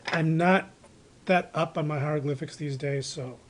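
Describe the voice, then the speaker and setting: At a moderate pace, a man with a fairly high voice and fairly even intonation narrates a casual show-and-tell of his collectibles, with a little hiss or hum behind him. He rambles, restarting often and filling gaps, while filming indoors on a handheld camera with its built-in microphone.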